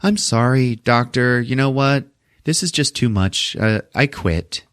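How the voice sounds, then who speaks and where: A man voicing a fed-up young nurse who speaks in a flat, blunt, profane way. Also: mid-range voice, measured pace, smooth, dry recording, studio quality, voice pushed up.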